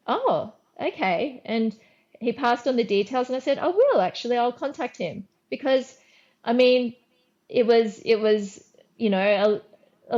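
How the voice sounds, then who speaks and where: Middle-aged aussie woman chatting as a guest, mid-pitched voice, acts out what she said back then, dull lo-fi audio. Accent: Australian. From Australia. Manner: lively anecdotes, acts out her own quoted lines, frequent restarts. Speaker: guest artist. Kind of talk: casual interview storytelling.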